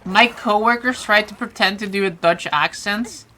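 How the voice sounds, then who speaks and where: A woman's voice: medium pitch, normal speed, sharp tone, slight background noise. A woman with a Flemish accent, casually chatting with her viewers while playing a game. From Flanders, Belgium. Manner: chatty, talks to chat while playing, swears lightly. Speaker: streamer. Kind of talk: casual live game commentary.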